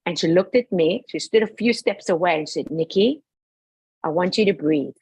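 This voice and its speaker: A woman telling a personal family story in casual chat, animated and acting out the quoted dialogue. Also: fairly low pitch, normal speed, breathy edge, no room sound, low-quality recording.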